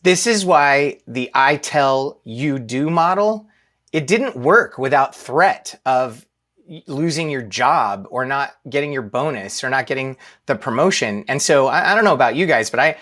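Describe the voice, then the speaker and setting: A man in his thirties speaks to a live audience in a relaxed, conversational way. He tells stories about himself with a self-deprecating touch and stops to put questions to the room. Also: mid-range voice, a little slow. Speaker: leadership speaker.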